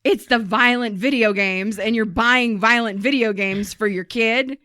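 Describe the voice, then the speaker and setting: A woman co-hosting a casual podcast, telling and reading listener stories with lively voices for the people she quotes and plenty of swearing. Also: a little high, a little slow, no echo, clean studio sound. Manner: animated storyteller, acts out quoted people, swears freely. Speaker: podcast co-host.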